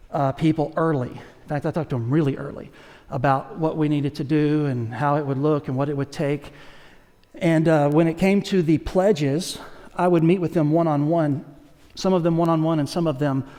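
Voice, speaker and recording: A male pastor preaching in a lively, conversational way, tossing in jokes and asides to the people in front of him. His voice sits somewhat high for a man, and it carries through a big church with long reverb trailing behind it. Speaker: lead pastor. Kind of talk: sermon. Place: church sanctuary.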